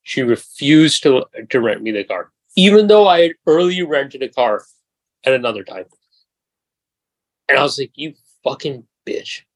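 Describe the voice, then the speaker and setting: A man's voice: medium pitch, normal speed, pauses often, no room sound, rough recording. Twenty-something guy on a podcast, telling a story full of swearing, dry close sound. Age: 20s. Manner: profane, animated anecdote telling. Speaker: podcast host. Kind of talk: casual storytelling chat.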